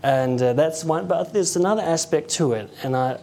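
Man, conversational preacher, halting delivery, acts out stories. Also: on the high side, a little mellow, a little hiss or hum. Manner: conversational, halting, with chuckles and acted quotes. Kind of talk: informal sermon.

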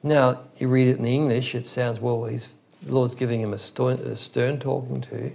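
A man's voice: medium pitch, flat delivery, moderate pace, gravelly, darkish tone. A man preaching an expository Bible teaching in an earnest, emphatic way, often restarting his phrases.

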